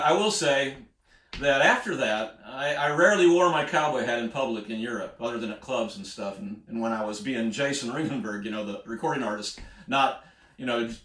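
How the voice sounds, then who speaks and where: An American singer-songwriter from the United States tells a rambling road story in a folksy, casual way, chuckling often. His voice is medium-pitched, bright and forceful, and the room sounds echoey.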